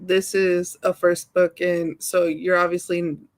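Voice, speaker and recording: A woman's voice: fairly low pitch, little pitch movement, measured pace. A woman co-hosting a book club podcast, chatting casually, laughing often and explaining eagerly. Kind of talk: casual chat.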